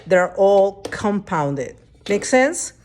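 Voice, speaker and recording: A woman's voice: mid-range voice, expressive, drawn-out words, a little mellow, slight background noise. A woman teaching a lesson at a whiteboard, explaining step by step and often checking that the class understands. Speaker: Spanish teacher.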